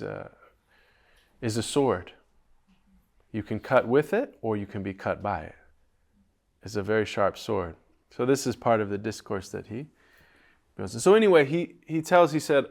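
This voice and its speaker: A man teaching as a spiritual teacher, retelling a story in a reflective, soft-spoken way that drops to a hush at phrase ends. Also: mid-range voice, creaky. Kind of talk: storytelling lesson on poetry. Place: retreat gathering.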